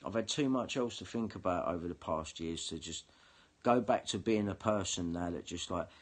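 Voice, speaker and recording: A man's voice: deep voice, normal speed. A man ranting angrily and swearing in a monologue to camera. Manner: heated, sweary, confrontational. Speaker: vlogger.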